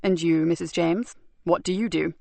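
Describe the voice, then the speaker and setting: A woman voicing a calm, polite male detective sergeant, speaking low, quiet and measured. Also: gravelly, dry recording.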